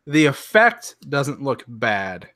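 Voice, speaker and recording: Bright-voiced, animated male co-host. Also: medium pitch, slow pace, no echo, studio quality. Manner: animated, hesitant restarts, acts out reactions. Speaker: podcast co-host. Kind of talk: casual chat.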